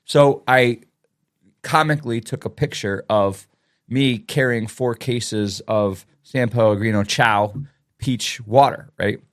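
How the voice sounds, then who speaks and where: A man's voice: medium pitch, takes it slowly. A middle-aged man, a teacher co-hosting a podcast, chatting casually and filling his talk with "like" and "you know.". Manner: chatty, with many fillers and repeated phrases. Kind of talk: casual chat.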